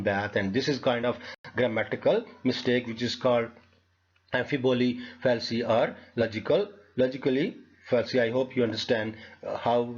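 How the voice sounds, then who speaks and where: A man teaching a lecture on logic fallacies, talking in a halting way with many fillers and restarts. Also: mid-range voice, lo-fi sound.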